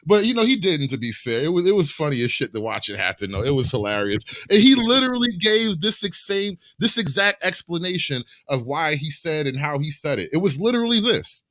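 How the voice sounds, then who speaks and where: Give me a man in casual chat who recounts a story with lots of energy and breaks into laughter. His voice sits a bit high. The sound is dry and close, with no room behind it. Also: sing-song, brisk, few pauses, a bit bright, dry recording. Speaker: co-host.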